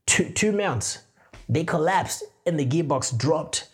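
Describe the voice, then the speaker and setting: Slangy, animated man with a husky voice. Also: fairly high pitch, takes it slowly. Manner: animated, slangy, acts out his own quotes with sound effects. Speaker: podcast host. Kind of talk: casual storytelling monologue.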